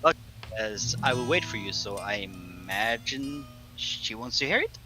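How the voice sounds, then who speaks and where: A man's voice: mid-range voice, lively intonation, measured pace, music in the background. A man co-hosting a live stream, reading out viewer messages with dry, teasing asides. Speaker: co-host reading chat.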